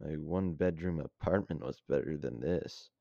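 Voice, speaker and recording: A man reading a sullen skeptical soldier, very low voice. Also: normal speed, vocal fry, dark tone, no echo, dull audio. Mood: dismissive.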